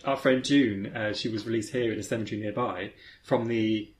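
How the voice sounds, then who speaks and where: A podcast co-host chatting casually and telling an animated story. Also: mid-range voice, fairly quick, roomy sound, a little hiss or hum. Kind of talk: casual chat.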